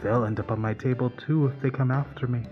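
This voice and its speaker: A man voicing a sinister, unhurried surgeon who politely threatens his captives. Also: medium pitch, fairly even intonation, lo-fi sound, soft background music, natural voice. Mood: calm menace.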